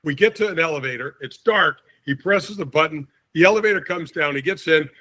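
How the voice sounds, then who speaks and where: A man in his sixties from St. Louis, a podcast guest telling an animated anecdote and acting out the quotes. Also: fairly high pitch, brisk. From St. Louis, USA. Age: 60s. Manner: lively storyteller, acts out quotes, chuckles often.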